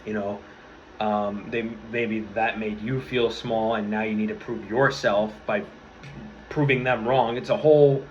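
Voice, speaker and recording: A man's voice: fairly low pitch, steady tone, measured pace, slight background noise. A young man in his twenties talking to camera, earnest and rambling, swearing freely and restarting his sentences. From New York area. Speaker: vlogger. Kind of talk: casual motivational talk to camera. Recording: slightly dull lo-fi audio with faint room ambience.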